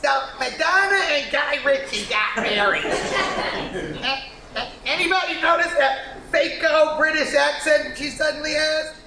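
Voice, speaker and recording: A corny comic, high voice, laughs at own jokes, staged reading in a roomy theater. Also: female voice, a little slow. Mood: joking. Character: Marlo, woman stand-up comic at the DMV, corny jokes. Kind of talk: staged reading of a comedy script. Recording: roomy hall, audience noise.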